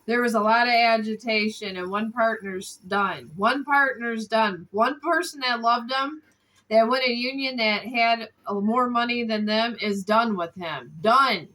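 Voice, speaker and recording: A woman's voice: a little high, measured pace, bright, forceful tone, low-quality recording. A woman giving a casual tarot card reading, exasperated, who swears casually and scolds people off camera between cards.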